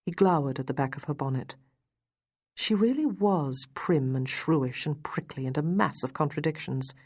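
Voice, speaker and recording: A woman reads a historical romance aloud in a steady, measured way. Her voice sits deep for a woman. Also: breathy edge, dry recording, clean studio sound. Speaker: audiobook narrator. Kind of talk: scripted narration.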